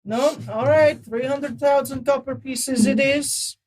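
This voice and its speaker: A woman's voice: high voice, a little slow, a crowd in the background. A woman, a tabletop game player, politely negotiating a trade. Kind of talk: in-character haggling at a game table.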